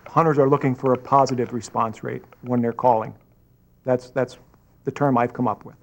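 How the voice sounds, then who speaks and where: A man's voice: medium pitch, fairly even intonation, moderate pace. A man explaining the ways of hunting calls in an earnest, conversational way, often restarting as he thinks. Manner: earnest, repeats himself while thinking. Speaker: hunting call expert. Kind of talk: explaining on camera.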